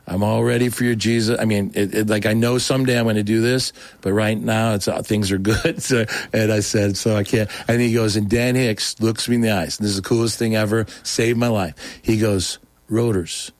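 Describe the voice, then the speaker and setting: Man, low voice, dry close sound, lively storytelling, raised voice for quotes. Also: moderate pace, few pauses, no room sound. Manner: animated, acts out quotes in a raised voice. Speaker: guest telling his testimony. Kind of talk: casual storytelling.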